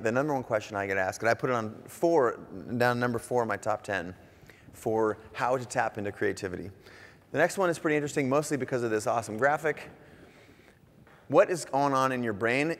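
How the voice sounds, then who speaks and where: A man speaking from a conference stage in a relaxed, joking way, with sudden bursts of energy. His voice sits at a middle pitch. A long hall reverb trails every phrase. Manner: casual, animated, jokey, swears now and then. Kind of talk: conference talk.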